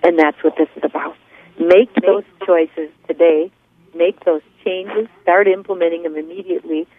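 A woman's voice: fairly low pitch, fairly even intonation, moderate pace, dry recording. A woman leading a motivational class on a conference call, earnest and preachy as she tells stories. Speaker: class leader and coach. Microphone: phone. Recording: tinny phone line.

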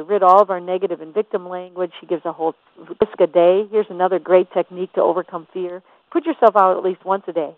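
A woman's voice: on the low side, no room sound. A woman giving a faith-based motivational talk, emphatic and full of rhetorical questions. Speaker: motivational teacher. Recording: tinny phone-like dry sound.

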